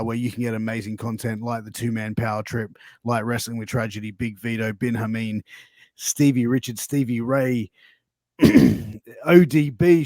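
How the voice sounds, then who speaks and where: A man's voice: mid-range voice, a little mellow, no room sound, clean studio sound. A man co-hosting a podcast, chatting casually and swearing freely while reading sponsor plugs. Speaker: podcast co-host.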